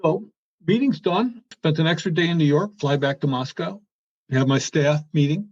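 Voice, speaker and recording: An older man who was once a car executive tells an anecdote in an interview, his voice on the high side and at a normal speed. He is animated and acts out the quoted dialogue, and the recording has a dull, lo-fi sound.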